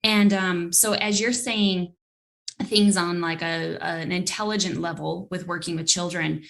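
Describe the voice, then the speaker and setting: A woman's voice: lowish voice, fairly even intonation, a little slow, vocal fry, fairly bright tone. A woman hosting a podcast who coaches women in fitness, enthusiastic and chatty. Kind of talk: casual podcast talk.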